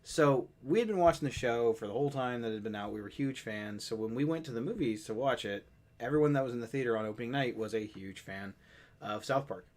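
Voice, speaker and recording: Man, podcast co-host, casual chat, lively storytelling. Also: medium pitch, fast talker. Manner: animated storytelling, swears casually.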